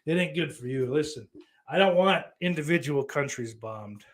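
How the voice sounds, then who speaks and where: A man's voice: fairly high pitch, lively intonation, moderate pace. A man hosting a casual podcast livestream, reading chat messages aloud and answering them in a rambling, sarcastic way with plenty of swearing.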